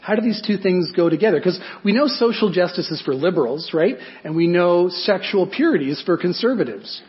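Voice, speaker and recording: A man's voice: high voice, lively intonation, a little fast, lo-fi sound. A man preaching a sermon in a conversational way, often asking his listeners rhetorical questions. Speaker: pastor.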